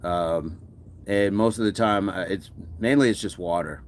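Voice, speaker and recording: Hosting a fitness livestream, a man speaks casually at a measured pace in a low voice, responding to viewer comments with encouragement. There is slight background noise.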